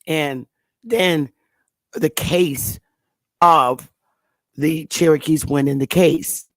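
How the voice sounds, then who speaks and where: A woman's voice: low-pitched, very slow, no room sound. A woman hosting her own channel, telling a rambling story in a casual monologue, often repeating and restarting words. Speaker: channel host.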